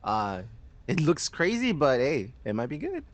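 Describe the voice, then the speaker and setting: A man co-hosting a podcast in relaxed chat. He cracks jokes and laughs a lot. His voice is fairly high and swings widely in pitch. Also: measured pace. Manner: joking, laughs often. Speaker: podcast co-host. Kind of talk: casual chat.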